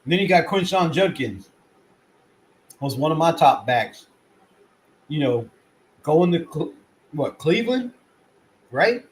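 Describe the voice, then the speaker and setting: A man hosting his own fan channel, giving casual sports commentary in an excitable, rambling way with plenty of swearing, at times talking while chewing. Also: fairly high pitch, slow, pauses often, low-quality recording. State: chewing food.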